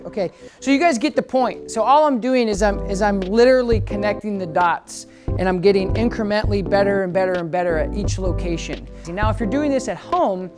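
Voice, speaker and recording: Chatty woman dog trainer explaining. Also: mid-range voice. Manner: chatty and explanatory, with frequent restarts. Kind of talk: casual instructional demonstration. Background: background music.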